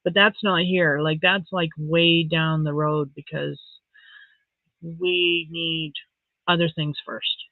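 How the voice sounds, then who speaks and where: Reading out viewer comments on her casual live stream, this Saskatchewan woman in middle age chats warmly and seems tender and quick to be touched. Her voice sits low and steady, and she speaks slowly. There's no echo; the sound is thin, phone-like and close.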